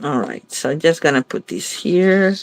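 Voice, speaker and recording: A woman with a lowish voice hosting a crafting video in a relaxed, chatty way. She talks to herself as she works and keeps catching and correcting her own slips. The sound is dry and close. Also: moderate pace, gravelly, no room sound. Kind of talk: casual crafting demo chat.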